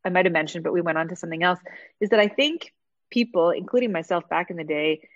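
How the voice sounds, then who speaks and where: A woman's voice: fairly low pitch, quick pace, dry recording, highs cut off. A woman co-host chatting casually, thoughtful and searching for words. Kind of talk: casual podcast chat.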